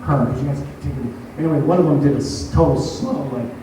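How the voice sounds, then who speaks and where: A man's voice: fairly high pitch, fast, warm tone, slight background noise. A stand-up comedian, a man, casually retelling a story from his own show, profane and self-mocking. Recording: echoey room, voice from a distance.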